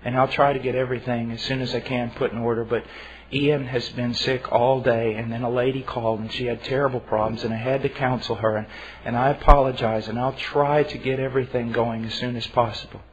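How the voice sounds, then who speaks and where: A man preaching acts out a tired, gentle wife, speaking softly and meekly. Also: mid-range voice, flat delivery, fairly quick, slight background noise, voice pushed down, close to an everyday voice. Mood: meek apology. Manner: soft, meek, apologetic. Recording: dull lo-fi recording.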